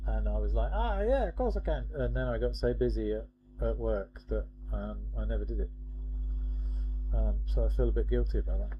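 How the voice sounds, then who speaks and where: A man's voice: lowish voice, level tone. Male co-host, casual and wry, medium voice, dull lo-fi audio with faint hum. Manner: chatty, self-deprecating, quick asides. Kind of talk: casual chat. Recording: dull lo-fi sound.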